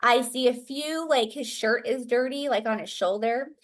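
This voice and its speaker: A woman's voice: on the high side, moderate pace. A middle-aged woman, a guest in an interview, telling a family story in an earnest, conversational way with fillers and restarts.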